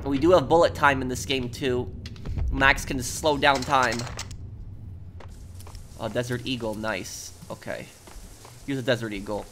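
A man's voice: medium pitch, fairly even intonation, a little slow, long pauses, background noise. A man giving casual let's play commentary in a chatty way, full of ums and you-knows. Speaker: gameplay commentator.

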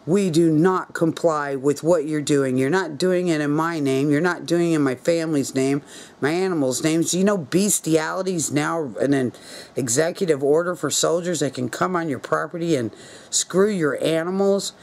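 A man's voice: on the high side, moderate pace, gravelly, a little mellow. A man talking to camera in an angry, preachy rant, urging viewers to act. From United States. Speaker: video blogger. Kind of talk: impassioned political rant to camera.

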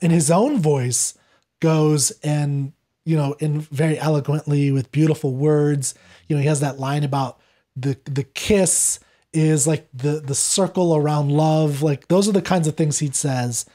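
A man talking as a podcast guest, retelling a play in a lively conversational way and acting out the characters' lines as he goes. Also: on the high side, unhurried. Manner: animated, acts out quoted lines while retelling. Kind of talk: conversational literary discussion.

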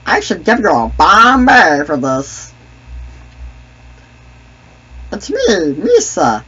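A man voicing a goofy, excitable male alien sidekick who talks about himself in the third person while gaming, with a husky, slow but lively voice on a dull lo-fi mic. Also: sits high, exaggerated voice. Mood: sheepish. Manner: refers to himself in third person, brash trash talk. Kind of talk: gaming commentary in a character voice.

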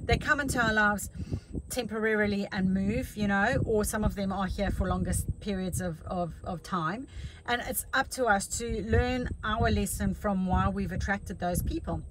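A woman's voice: mid-range voice, normal speed, background noise. A middle-aged woman life coach giving a chatty motivational talk, telling stories with many restarts.

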